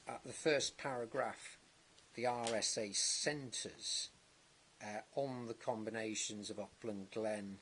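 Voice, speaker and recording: A man cross-examining a witness at a planning inquiry, measured and halting, with many restarts and tag questions. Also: lowish voice, a bit bright, slight background noise. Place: public inquiry hearing.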